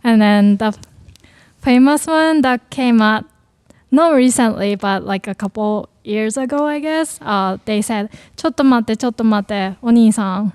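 A woman's voice: a little high, a little slow, darkish tone, clear, resonant tone, no echo. A woman whose first language is Japanese, explaining phrases in a casual chat with many fillers. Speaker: co-host.

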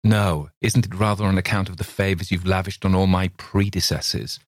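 A man with a low voice playing a reserved, sceptical gentleman who answers with cool irony. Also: fairly even intonation, normal speed, dry recording, clean studio sound, lightly acted. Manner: cool, ironic, detached.

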